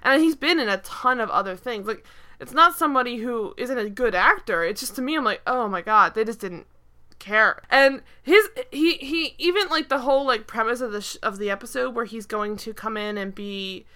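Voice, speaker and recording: A woman's voice: on the high side, animated, moderate pace, bright, forceful tone, clear, resonant tone. A woman co-hosting a podcast, chatting casually about a TV episode in a rambling way, full of "like" and restarts. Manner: rambling, heavy use of "like", frequent restarts. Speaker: podcast co-host. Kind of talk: casual chat reviewing a TV episode.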